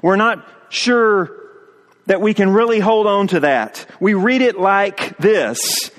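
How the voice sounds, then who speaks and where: A man preaching a sermon, slow and emphatic, leading the congregation in call-and-response. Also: high-pitched, expressive, a bit bright, long reverb tail. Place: outdoors on a mountaintop.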